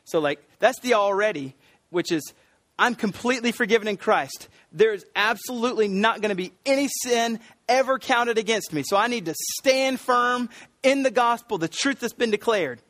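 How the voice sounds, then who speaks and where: Middle-aged American male pastor, high-pitched, dry close sound, earnest sermon delivery with repeated key words and frequent fillers. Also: moderate pace, a bit bright, dry recording. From United States.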